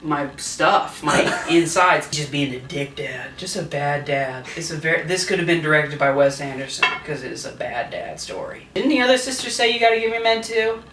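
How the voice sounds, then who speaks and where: A man's voice: on the high side, expressive, normal speed, few pauses, fairly bright tone, echoey room, recorded from a distance, slight background noise. A tipsy man rambling through a crude, laughing comic retelling of a play. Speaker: host.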